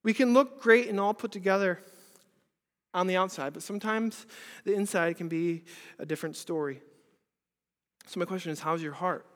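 The pastor's high-sitting male voice carries at normal speed, broken by long pauses, in an echoing hall. Earnest in his sermon, he asks many rhetorical questions and swings between loud and hushed delivery.

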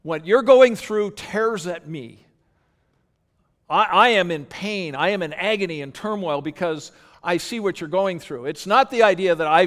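A pastor delivers a sermon in an earnest, conversational way, frequently restarting his sentences. His voice is high-pitched and fairly bright, at a normal speed, with long hall reverb on the recording.

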